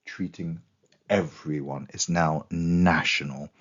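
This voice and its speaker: A man's voice: deep voice, level tone, unhurried, highs cut off. A man giving a casual history revision lesson, chatty and full of restarts, and he is losing his voice. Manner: chatty, with quoted asides and restarts. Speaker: history teacher.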